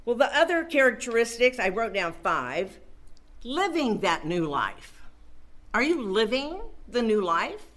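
A woman preaches with a bright, ringing voice that rises and falls widely. She repeats phrases to drive her points home and reads scripture aloud at an unhurried pace. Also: fairly high pitch, sing-song. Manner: emphatic, repeats phrases for stress. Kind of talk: sermon.

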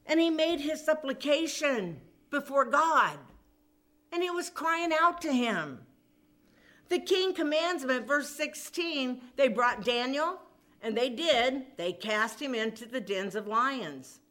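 A woman delivers a sermon with emphatic, dramatic storytelling. Her voice sits a little high and swings widely up and down, and she takes her time over every phrase. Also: sing-song, slow, a bit bright. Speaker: preacher. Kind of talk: sermon retelling a scripture story.

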